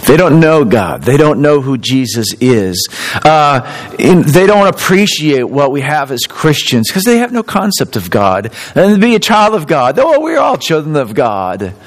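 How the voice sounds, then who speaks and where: Animated male preacher, fairly high voice. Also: moderate pace, rough recording. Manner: animated, swings between emphatic and soft. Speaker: pastor. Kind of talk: sermon.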